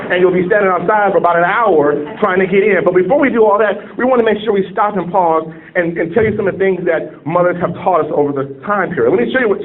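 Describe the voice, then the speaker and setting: A man in his late forties from Cleveland, Ohio, giving a humorous sermon-style talk as a guest speaker and calling on the audience to answer. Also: on the high side. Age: late 40s. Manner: jokey, calls on the audience to answer. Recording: tinny phone-like sound.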